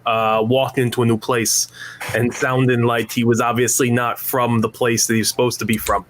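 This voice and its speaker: A man's voice: medium pitch, level tone, normal speed. A man on a tabletop role-play podcast, talking casually and rambling through his thoughts with many restarts. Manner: rambling, self-interrupting, laughs often. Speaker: podcast player. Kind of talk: casual chat.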